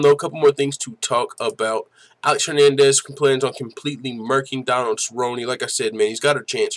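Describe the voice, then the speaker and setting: A man's voice: medium pitch, poor audio. A young man hosting a casual solo commentary on fighting sports, talking in a profane, slangy, hyped way. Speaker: MMA show host.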